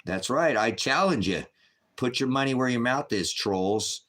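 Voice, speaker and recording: A man's voice: medium pitch, lively intonation, unhurried, fairly bright tone. A man in his fifties hosting a live chat, bluntly firing back at trolls with repeated retorts. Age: 50s. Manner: combative, answering trolls in chat. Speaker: livestream host.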